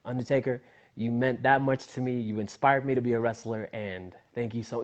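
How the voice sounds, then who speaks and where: A young man recounts a story in a relaxed interview, his voice jumping way up when he gets excited and dropping low and quiet in between. He acts out the other people in his story with their own voices. The sound is a little dull and lo-fi. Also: brisk. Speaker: wrestler, interview guest.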